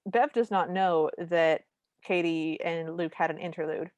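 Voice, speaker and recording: Lower-voiced woman recapping a movie. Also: steady tone, measured pace, darkish tone, no echo. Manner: wry, conversational storytelling with humorous asides. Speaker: podcast co-host. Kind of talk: casual movie recap chat.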